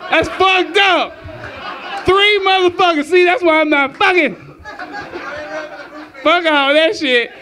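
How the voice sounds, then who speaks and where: High bright-voiced profane stand-up comic. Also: male voice. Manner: crude, profane, animated, laughing at own jokes. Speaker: stand-up comedian. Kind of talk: stand-up comedy set. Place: comedy club stage.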